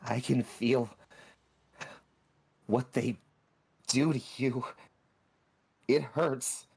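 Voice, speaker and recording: A man's voice: mid-range voice, fairly even intonation, extremely slow, gravelly, a little mellow, breathy edge, voice pushed up, exaggerated voice. A man doing a frantic, whispering creature. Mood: pained. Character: anxious protective male dragon-like creature.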